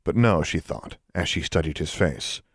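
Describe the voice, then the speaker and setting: A man narrating a story aloud with expressive delivery. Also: sits low, moderate pace, husky, no room sound, studio quality. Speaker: audiobook narrator. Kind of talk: scripted narration.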